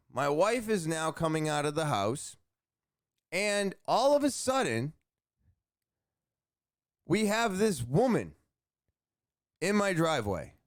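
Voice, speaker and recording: A man's voice: high voice, no echo, studio quality. A man hosting his own show, telling a long rambling story with many fillers and repeated words. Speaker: podcast host. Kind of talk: casual storytelling monologue.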